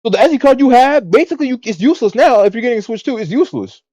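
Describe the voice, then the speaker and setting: A man's voice: very high voice, animated, racing, darkish tone, dry recording. A man in casual video commentary, complaining bluntly and swearing.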